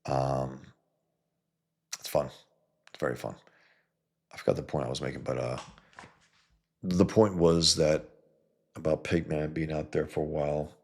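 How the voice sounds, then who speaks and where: Male host, rough husky bass voice, scornful and rambling. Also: fairly even intonation, unhurried, pauses often. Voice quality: gravelly, husky low voice. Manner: blunt, scornful, lots of filler and restarts. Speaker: comic book creator and video host. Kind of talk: casual rambling talk to viewers.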